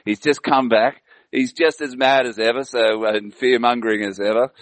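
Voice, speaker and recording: A man's voice: mid-range voice, fairly even intonation, moderate pace, no echo. A man co-hosting a podcast, rambling and indignant in casual chat, with plenty of fillers and restarts. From Australia. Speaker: podcast co-host.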